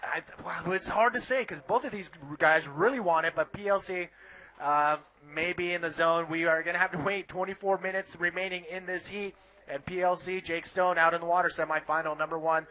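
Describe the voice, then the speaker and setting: A man calling live play-by-play at a bodyboarding contest, excitable and rising on the big moves. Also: high-pitched, fairly quick. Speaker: play-by-play commentator.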